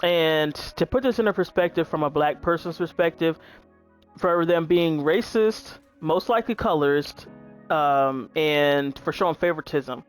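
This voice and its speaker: Woman streamer, laid-back talker who speaks straight to her viewers, soft music bed underneath. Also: deep voice, measured pace, smooth. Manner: chatty, relaxed, says "y'all" and "um" a lot. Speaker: gaming YouTuber. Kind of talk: casual gameplay commentary.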